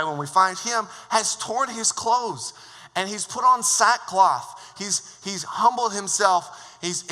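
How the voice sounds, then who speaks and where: A man preaching a sermon as worship leader, telling the story in a lively, joking way. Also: high-pitched. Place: church sanctuary. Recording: long church hall reverb.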